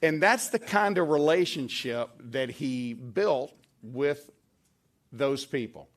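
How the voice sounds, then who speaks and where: An older man who once worked on staff gives a tribute speech at a dedication event, speaking slowly in a mid-range voice from an event hall podium. Telling folksy anecdotes, he acts out quoted lines by raising his voice.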